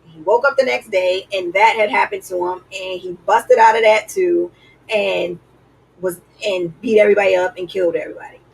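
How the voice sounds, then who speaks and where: A woman's voice: mid-range voice, steady tone, normal speed, gravelly, breathy edge, recorded from a distance, low-quality recording. A woman vlogger giving earnest, preachy relationship advice in a casual way, with lots of "like".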